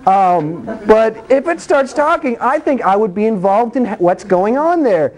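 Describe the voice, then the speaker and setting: A preacher giving a sermon, telling Bible stories in an animated, conversational and blunt way, acting out voices and sound effects. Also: medium pitch, measured pace.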